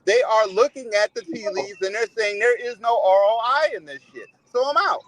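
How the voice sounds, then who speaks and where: High-voiced man arguing his point. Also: animated, moderate pace, a bit bright, rough recording. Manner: assertive, pushes back. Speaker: panel guest. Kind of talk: casual panel discussion.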